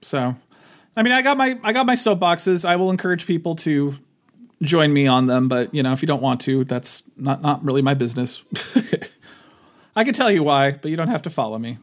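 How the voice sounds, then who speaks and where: A man talking casually about movies in a rambling, animated way. His voice sits a little high and climbs further when he gets worked up. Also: moderate pace. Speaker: podcast co-host. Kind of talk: casual chat.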